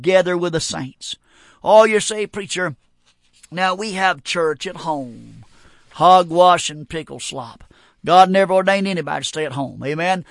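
Male preacher, fairly high voice, emphatic folksy sermon delivery, dry recording. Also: no room sound. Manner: emphatic, folksy, swings from loud exhortation to quiet prayer.

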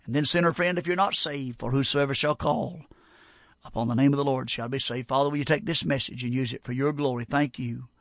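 A man preaching a sermon, emphatic and folksy, shifting between loud exhortation and quiet prayer. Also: mid-range voice, steady tone, a little fast, no echo, clean studio sound.

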